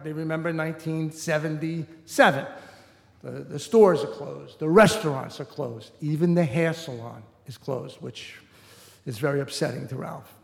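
A man's voice: fairly high pitch, creaky. A middle-aged man telling a personal story on stage, in an easy conversational way full of "you know" asides. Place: stage in a large hall before an audience. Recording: roomy hall reverb.

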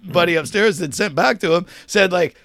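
A man telling a long, profane story on a podcast, acting out both sides of a shouting match and laughing often. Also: high voice, normal speed, no echo, studio quality. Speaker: podcast co-host. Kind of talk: casual storytelling chat.

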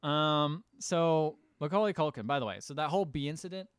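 A man's voice: fairly high pitch, brisk, clean tone, no room sound. Chatty man recapping a movie, dry close sound. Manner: rambling retelling with quoted voices, swearing. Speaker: podcast co-host. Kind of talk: casual movie recap chat.

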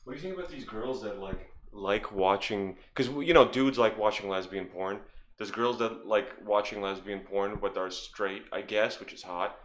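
A man's voice: on the low side, normal speed. A man joking and making provocative asides in casual podcast banter.

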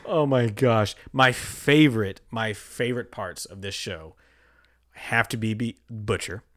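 A man's voice: on the low side, measured pace, a bit bright. A man chatting casually about a TV show, retelling scenes animatedly, laughing often and swearing. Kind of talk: casual chat.

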